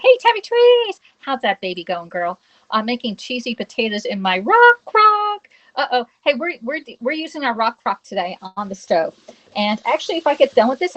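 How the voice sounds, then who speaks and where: Heard over poor audio, a medium-pitched woman hosts a live cooking demonstration from her home kitchen. She chats with viewers, greets them, reads their chat aloud and checks in with "okay?" while she cooks.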